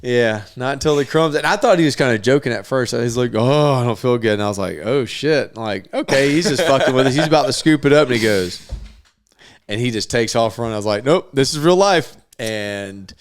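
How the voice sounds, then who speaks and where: A man's voice: mid-range voice, fairly quick. A young man co-hosting a podcast, telling a story with lots of swearing and acted-out quotes. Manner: animated, swears a lot, acts out quotes. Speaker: podcast co-host. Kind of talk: casual storytelling chat.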